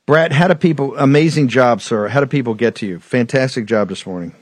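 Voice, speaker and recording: A man's voice: medium pitch, brisk, dry recording. Male talk host, fiery and emphatic, hammering points home, dry studio mic. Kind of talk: political talk show commentary.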